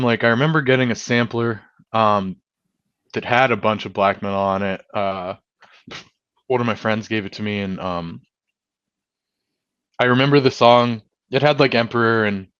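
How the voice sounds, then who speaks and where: A male musician guest in a casual interview, speaking in a relaxed way full of "like" and "um". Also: medium pitch, smooth, no room sound, muffled recording. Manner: relaxed, lots of "like" and "um" fillers.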